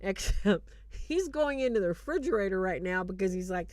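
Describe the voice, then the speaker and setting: Woman hosting, retelling a movie, lowish voice that swings a lot, dry close sound, lots of ums and restarts. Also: fast talker, no echo. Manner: animated storytelling with fillers and restarts. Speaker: host reviewing a film. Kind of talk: casual commentary on a livestream.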